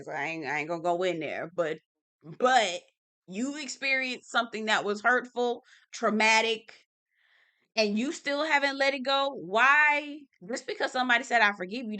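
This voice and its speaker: A woman recapping a reality-TV episode in a casual vlog, blunt and animated, swearing freely and talking straight to her viewers. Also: mid-range voice. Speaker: TV review vlogger.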